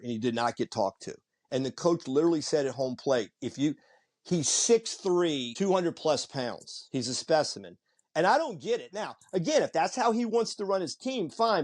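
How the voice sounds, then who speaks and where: Ein Mann als Podcast-Gastgeber mit eher hoher Stimme erzählt locker und lebhaft Geschichten aus dem Training. Die Leute, von denen er berichtet, spielt er gern mit verstellter Stimme nach. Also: male voice, on the high side. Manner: animated storyteller who acts out quoted people. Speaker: podcast host and hitting coach. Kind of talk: casual storytelling chat.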